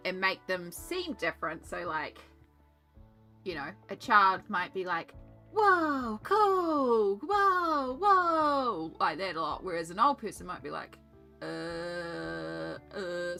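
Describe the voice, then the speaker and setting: A woman's voice: lowish voice, expressive, normal speed, bright, forceful tone, soft background music. A young woman streaming from her art desk, chatting casually and thinking aloud while she colours, with rambling asides. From Australia. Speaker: artist and streamer.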